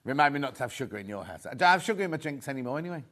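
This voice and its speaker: A man's voice: mid-range voice, big pitch swings, racing, fairly bright tone. A man hosting a live shopping show, chatting casually, joking with the crew and reading out viewer messages. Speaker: shopping channel host.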